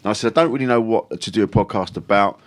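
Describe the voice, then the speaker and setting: A man's voice: lowish voice, fast talker. A man, a comedian guesting on a podcast, telling stories in a rambling, swearing, self-interrupting way. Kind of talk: casual chat.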